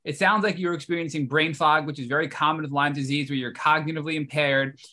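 Podcast host guy, bright tone, slightly high voice, recaps and asks stuff. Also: steady tone, fast. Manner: engaged, recaps and asks questions. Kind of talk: interview.

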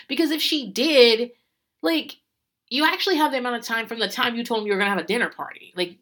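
A woman's voice: mid-range voice, sharp tone. A woman hosting a podcast, recapping a reality show in rambling casual chat, swearing freely and laughing often.

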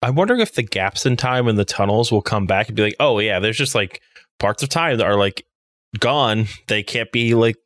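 A man's voice: fairly low pitch, animated, moderate pace, fairly bright tone, no echo. A young man co-hosting a casual chat, rambling through theories with many filler words. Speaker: podcast co-host.

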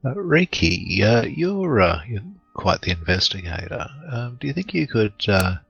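A man's voice: on the low side, big pitch swings, a little slow, creaky, a bit bright, husky, dry recording, muffled recording, faint music behind. A man playing in a tabletop game, talking hesitantly with many fillers. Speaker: player.

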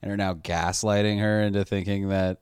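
A man's voice: on the low side, level tone, a little fast, a little mellow, clear, resonant tone, dry recording, clean studio sound. A male podcast co-host in casual chat, chiming in with short clarifying questions and acknowledgments.

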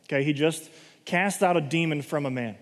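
A man's voice: a little high, fairly quick. A man giving a conversational Bible teaching, explaining the passages plainly and often checking in with his listeners. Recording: long hall reverb.

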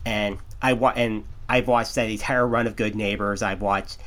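A man's voice: lowish voice, steady tone, moderate pace, a bit bright. An American man co-hosting a podcast, rambling in casual chat full of restarts and fillers. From United States. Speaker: podcast co-host.

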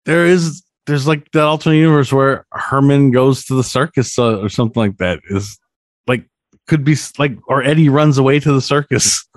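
A man co-hosting a podcast, chatting about a sitcom episode with expressive, jokey asides. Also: medium pitch, normal speed, no echo. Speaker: podcast co-host. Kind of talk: casual recap chat.

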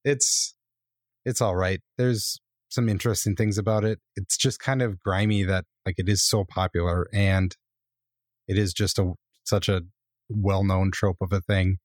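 A man's voice: sits low, steady tone, measured pace, dry recording, studio quality. A man co-hosting a podcast, rambling and opinionated, full of fillers. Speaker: podcast co-host. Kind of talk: casual chat.

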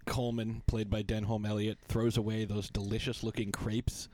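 A man's voice: lowish voice, flat delivery, moderate pace, a little mellow. A man co-hosting a podcast in casual chat, rambling and playful. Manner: rambling, playful, slips into snooty impressions. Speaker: podcast co-host.

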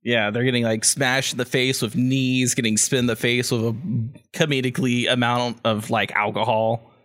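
A man's voice: medium pitch, little pitch movement, moderate pace, a bit bright. A man co-hosting a podcast who laughs often and chimes in with short jokes during a casual chat. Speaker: podcast co-host.

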